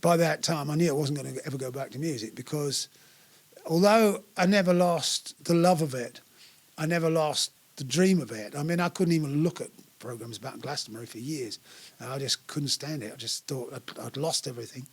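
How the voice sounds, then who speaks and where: An older musician chats about his career at length, circling back and restarting his sentences as he goes. His speaking voice sits fairly high for a man. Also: a little fast, husky. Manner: rambling storyteller with frequent restarts and fillers. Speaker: musician guest. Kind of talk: relaxed interview chat. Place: small live venue.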